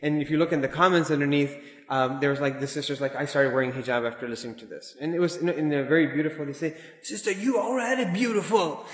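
Male religious teacher, chatty and digressive, mid pitch, roomy reverberant hall. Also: steady tone, rapid-fire. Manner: conversational, digressive, mixes in Arabic and Urdu terms. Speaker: Islamic teacher. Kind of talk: informal religious lesson. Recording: echoey hall with long reverb.

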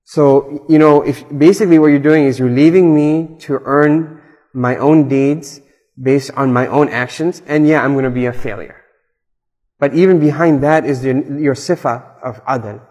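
A man's voice: fairly high pitch, moderate pace, a little mellow. A man gives a conversational religious lecture, mixing Arabic terms into his English and checking in with "right?". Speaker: Islamic speaker. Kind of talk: religious lecture explaining a supplication. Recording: hall reverb.

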